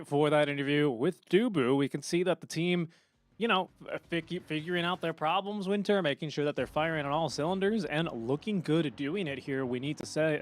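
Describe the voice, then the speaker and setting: Chatty male esports desk host. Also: mid-range voice. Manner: upbeat, chatty, quick to question the analyst.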